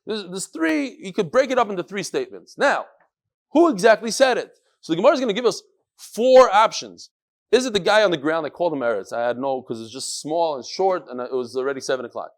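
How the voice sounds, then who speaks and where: Animated high-voiced yeshivish male Talmud teacher. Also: brisk. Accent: yeshivish English with Hebrew and Yiddish terms. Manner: animated, acts out dialogue in raised voices. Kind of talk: Daf Yomi Talmud class.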